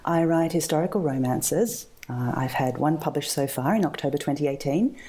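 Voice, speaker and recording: A woman's voice: low-pitched, normal speed, mellow. A woman with an Australian accent, a guest author chatting with dry, self-deprecating humor. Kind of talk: casual interview chat.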